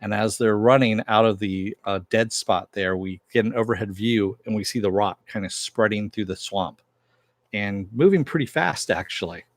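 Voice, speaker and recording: A man's voice: fairly low pitch, moderate pace, no room sound. A man giving a rambling, offhand recap of a TV episode, swearing casually as he retells the plot. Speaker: TV episode reviewer.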